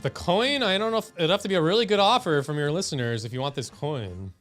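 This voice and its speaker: A man appearing as a guest on a live stream, showing off items in a deadpan, mock-serious way. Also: a little high, faint music behind. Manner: deadpan, slow mock-serious show-and-tell. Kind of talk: casual live-stream chat.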